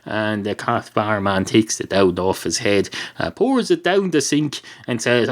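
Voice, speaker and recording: An Irish man hosting a podcast, narrating an improvised comedy story in a deadpan, rambling way. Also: on the low side, unhurried, few pauses. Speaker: podcast host.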